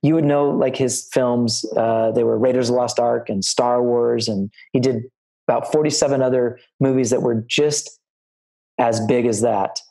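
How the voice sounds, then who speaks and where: Speaking to film students on a video call, a middle-aged line producer shares set stories loosely, wandering and restarting as he offers career advice. His medium-pitched voice is warm with vocal fry, fairly even in intonation and at normal speed, on a low-quality recording.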